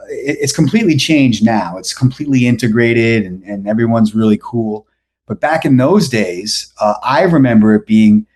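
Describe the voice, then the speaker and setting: A man's voice: medium pitch, a little mellow. A man, telling a story on a podcast as the guest, rambling with many restarts and fillers. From New York. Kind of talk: casual storytelling.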